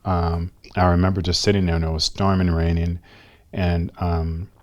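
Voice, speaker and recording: A man in his fifties, a guest telling a personal story in an interview in a soft-spoken, reflective and earnest way. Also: deep voice, little pitch movement, moderate pace, highs cut off. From United States. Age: 50s.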